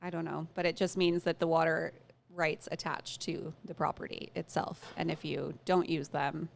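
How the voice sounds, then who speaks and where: A woman's voice: deep voice, level tone, moderate pace, vocal fry, slight background noise. A woman producing a live radio show, chiming in with brief dry asides. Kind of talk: casual radio chat.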